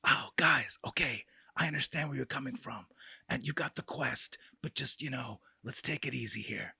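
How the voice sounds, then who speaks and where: A man voicing a hungover character pleading for quiet, in whispered role-play with a soft pained murmur. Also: mid-range voice, normal speed, creaky, slightly rough, no room sound, heavily acted.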